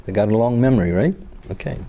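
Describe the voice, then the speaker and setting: This Bible teacher reads passages aloud, then riffs on them casually, tossing out rhetorical questions and playful jabs. He talks fast in a lowish, creaky, dark-toned voice with lively intonation.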